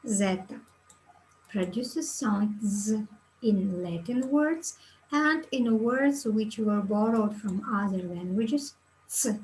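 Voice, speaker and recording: A woman teaches Latin pronunciation at a very slow, deliberate pace, spelling out each letter's sound before reading word examples. Her voice sits at a medium pitch, recorded as a plain lesson voice-over. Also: animated, a little mellow, slight background noise, rough recording. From Kyrgyzstan.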